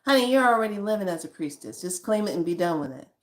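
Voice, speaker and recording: A woman's voice: mid-range voice, animated, fast. A woman giving spiritual guidance in an emphatic, conversational way, addressing her listeners directly as honey. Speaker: spiritual guide.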